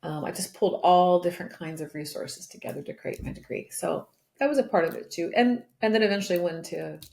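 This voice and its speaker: A woman's voice: fairly low pitch, fast, vocal fry, darkish tone, reverberant. A middle-aged woman, a coach being interviewed, telling a personal story candidly and emotionally, with many restarts and laughs. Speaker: guest, empowerment coach.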